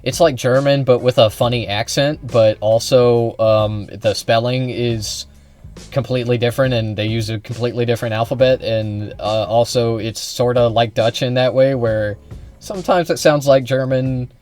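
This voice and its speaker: A man's voice: mid-range voice, steady tone, normal speed, a little mellow, faint music behind. Sarcastic rambling man, streamer commentary. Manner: sarcastic, rambling, swearing, many restarts. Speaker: reaction streamer.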